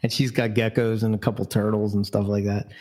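A man's voice: fairly low pitch, little pitch movement, brisk, darkish tone. A man hosting a podcast in casual chat, teasing his co-host and laughing as he tells stories.

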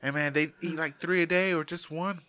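A man's voice: fairly high pitch, steady tone, brisk, bright, forceful tone. A middle-aged man, co-hosting a podcast and telling rambling, profane stories in casual chat. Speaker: podcast co-host.

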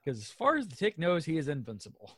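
A woman's voice: deep voice, very animated, fast, fairly bright tone, husky, no echo, studio quality. A woman co-hosting a podcast, chatting casually about a TV episode, rambling and giggling with lots of "like.". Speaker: podcast co-host. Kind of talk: casual chat reviewing a TV episode.

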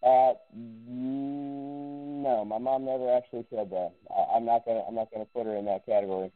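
A man's voice: mid-range voice, fairly even intonation, normal speed, no echo. A man as a guest in a casual chat, easygoing and telling stories with small restarts. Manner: easygoing, storytelling, hesitant restarts. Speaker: guest, fitness pro. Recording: phone-line quality, dry.

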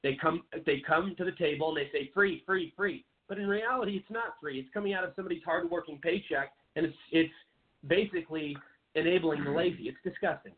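Brisk, high-voiced male host, blunt and indignant, lo-fi line. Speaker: talk show host. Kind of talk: political talk show. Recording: tinny phone line.

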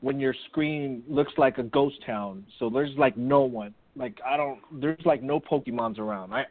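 Relaxed male caller over a phone line. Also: medium pitch, no room sound. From Pennsylvania, USA. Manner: relaxed, halting, chatty. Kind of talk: casual phone call. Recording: dry tinny phone line.

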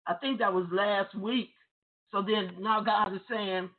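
A woman preaching in a slow, unhurried way, stretching out her words. She tells the story with feeling and acts out both sides of the dialogue. The sound is narrow and thin, like a voice over a phone line. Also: mid-range voice, fairly even intonation. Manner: emotional storytelling, acts out dialogue, swells to cries. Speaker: pastor. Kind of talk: sermon.

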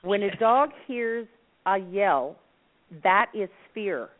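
Woman, calm and patient, explaining advice, phone-line sound, mid pitch. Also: slow. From Nova Scotia, Canada. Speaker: dog rescue network founder. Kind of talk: guest explaining on a radio talk show.

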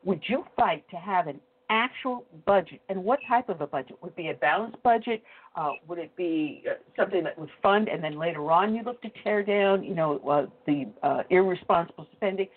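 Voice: medium pitch, expressive, a little fast. A host asking a candidate structured questions in a phone-in interview. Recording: phone line.

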